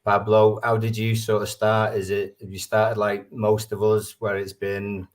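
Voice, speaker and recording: Low-voiced man hosting, a bit distant. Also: level tone, measured pace. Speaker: podcast host. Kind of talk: casual podcast chat.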